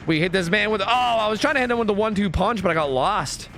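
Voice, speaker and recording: A man's voice: sits high, lively intonation, fast talker, fairly bright tone, a little hiss or hum. A man streaming a game, ranting and chatting casually with viewers, swearing often. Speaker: gaming streamer. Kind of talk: casual live-stream commentary.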